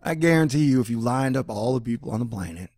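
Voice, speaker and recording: A man giving a rambling personal monologue, swinging between loud animated bursts and low mutters. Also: fast talker, dry recording, studio quality. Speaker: vlogger.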